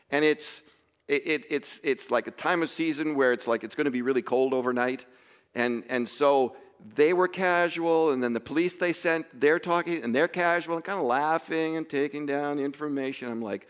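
A man telling a family story in a casual way, emotional and halting, with many restarts. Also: on the high side, expressive, fairly bright tone, in a large hall.

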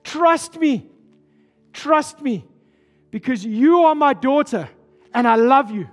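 Man voicing loving fatherly god, urgent, pleading, high, echoing hall, faint music. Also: expressive, slow, exaggerated voice. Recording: hall reverb with soft music.

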